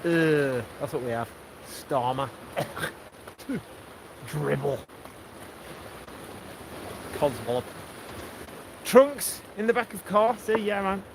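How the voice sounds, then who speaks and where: A man's voice: on the high side, expressive, drawn-out words, pauses often. A man with an English accent, joking and chatting casually during a walking livestream outdoors. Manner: chatty, joking, laughs often. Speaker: livestream host. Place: outdoors on a coastal walk. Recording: outdoor noise behind.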